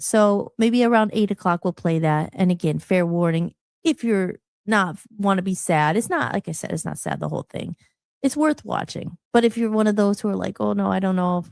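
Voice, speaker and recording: Woman podcast host, mid-pitched, casual and rambling, dry close sound. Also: gravelly, a little mellow, no room sound. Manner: rambling, chatty, self-interrupting. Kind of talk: casual live-show chat.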